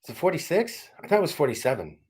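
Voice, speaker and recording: A man hosting his casual comedy chat show from home, loud and joking. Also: fairly high pitch, wildly swooping pitch, quick pace, slightly rough. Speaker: podcast host. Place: home studio.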